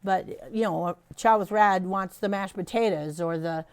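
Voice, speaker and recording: A woman's voice: mid-range voice, moderate pace, smooth, dry recording. A woman trainer leading a staff training session, talking in a casual, encouraging way with frequent fillers. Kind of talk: instructional talk to a staff team.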